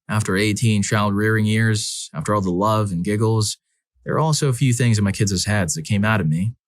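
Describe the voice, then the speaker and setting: A man reading first-person stories aloud as a channel narrator, in a measured, earnest way. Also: on the low side, dry recording, studio quality.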